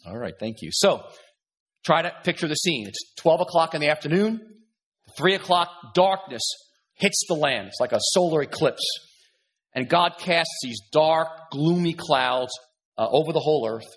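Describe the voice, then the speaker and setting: A man's voice: fairly high pitch, animated, moderate pace. A male pastor preaching a sermon, earnest and emphatic, reading scripture and repeating words to stress his points.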